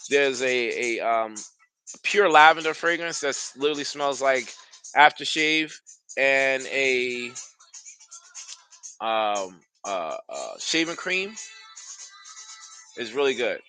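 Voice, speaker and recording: A man's voice: mid-range voice, animated, takes it slowly, pauses often, sharp tone, smooth, faint music behind. A man hosting a casual live stream, talking loosely and enthusiastically straight to his viewers. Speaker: fragrance reviewer streaming live.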